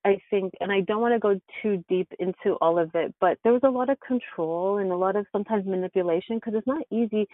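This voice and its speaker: Over a tinny, dry phone-like line, a woman guest tells her life story in an interview. Her mid-range voice moves fast with few pauses, earnest and reflective, broken by bursts of laughter.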